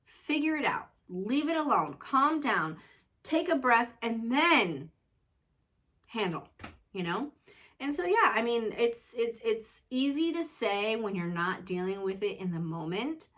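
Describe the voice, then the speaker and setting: Earnest, chatty mom sharing reflections. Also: female voice, on the high side, very animated, measured pace, fairly bright tone. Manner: conversational, earnest, self-reflective, leans on "you know". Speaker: mother and show host. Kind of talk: casual reflective chat.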